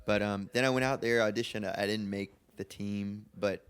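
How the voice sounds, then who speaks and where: A man, a guest singer, telling his story in a relaxed, casual way, often saying "like". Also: fairly low pitch, a little fast, clear, resonant tone. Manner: relaxed, filler-heavy, says "like" often.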